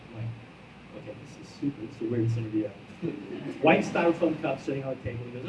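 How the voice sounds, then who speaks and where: A brand executive telling a casual, self-mocking story at a conference, acting out both sides of each conversation. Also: male voice, mid-range voice, quick pace, long pauses, roomy sound, distant mic, noisy background. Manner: animated anecdote, acts out both sides of dialogue. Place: conference hall with live audience.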